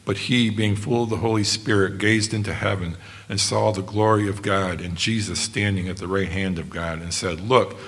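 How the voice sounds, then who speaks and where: A man preaching a sermon in an earnest, measured way. He slows down for quoted passages. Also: sits low, fairly even intonation, fairly bright tone.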